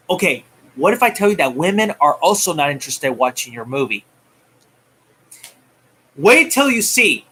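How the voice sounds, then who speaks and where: Bright-voiced man ranting heatedly. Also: high voice. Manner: heated, taunting, swings loud and soft. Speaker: movie news vlogger. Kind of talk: ranting commentary.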